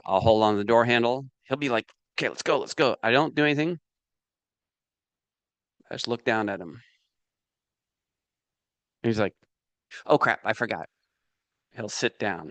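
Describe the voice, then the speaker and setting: Casting note: male course leader, mid-pitched voice, dry close sound, chatty and animated. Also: no room sound. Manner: animated, asks "does that make sense" and "right" often; acts out inner voices and his dog. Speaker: speaker teaching a business course. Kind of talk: casual motivational teaching.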